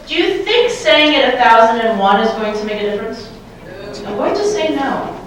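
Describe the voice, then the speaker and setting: A woman's voice: fairly high pitch, slight background noise. Playful woman giving a keynote in an echoey hall. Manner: playful, asks the audience questions. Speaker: keynote speaker. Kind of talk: motivational keynote. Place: large hall, live audience. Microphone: handheld microphone. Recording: very echoey hall, mic from far off.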